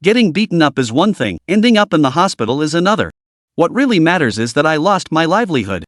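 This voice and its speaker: A man's voice: fairly high pitch, very animated, fast talker, no room sound, studio quality. A man voicing a young man who is a blunt, bitter street vendor, reading him in a storybook recap. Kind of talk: storybook narration.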